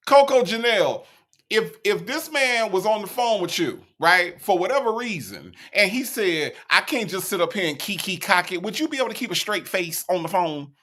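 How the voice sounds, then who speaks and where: A man's voice: high voice, sharp tone. A man hosting an online show, reacting to a clip with teasing, incredulous commentary and reading out viewer comments. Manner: incredulous, teasing, reading chat names aloud. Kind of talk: casual commentary.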